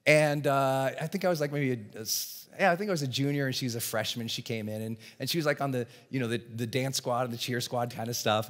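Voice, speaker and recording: A man giving an energetic motivational seminar talk to a live audience in a large event hall, often acting out voices in his stories. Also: medium pitch. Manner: energetic, animated, acts out dialogue in voices. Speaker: motivational speaker and coach.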